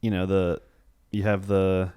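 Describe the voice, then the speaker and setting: A man's voice: sits low, level tone, unhurried, mellow, clean tone, no room sound, studio quality. A man co-hosting a casual film podcast, rambling and hesitant as he works through his thoughts. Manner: rambling, hesitant, lots of fillers and restarts. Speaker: podcast co-host. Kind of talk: casual film review chat.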